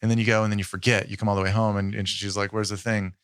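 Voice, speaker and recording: A man co-hosting a podcast, explaining how memory works in a relaxed, halting way with fillers. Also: on the low side, smooth, dry recording, clean studio sound. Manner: explanatory, with many fillers and restarts. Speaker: podcast co-host. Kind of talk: casual podcast chat.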